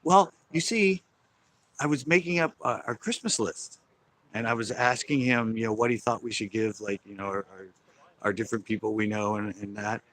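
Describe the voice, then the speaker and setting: A man's voice: fairly low pitch, moderate pace, fairly bright tone, natural voice. A man putting on a chirpy, sing-song voice for an obedient young woman in a joke.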